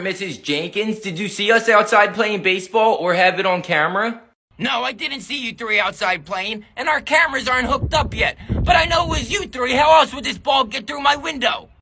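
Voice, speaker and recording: A sketch comedian playing every role in a family comedy sketch, switching between put-on voices and often shouting. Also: medium pitch, creaky. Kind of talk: one-man comedy sketch with many voices.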